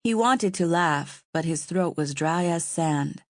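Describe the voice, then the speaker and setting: A woman narrating an audiobook in a calm, even storytelling manner. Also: low voice, takes it slowly, no echo, clean studio sound. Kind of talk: scripted narration.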